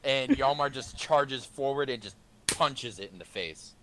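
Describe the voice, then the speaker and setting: A man playing a tabletop game, describing his character's actions in an excitable, animated way. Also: medium pitch, a little slow, a little hiss or hum. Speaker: player. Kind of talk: tabletop role-play.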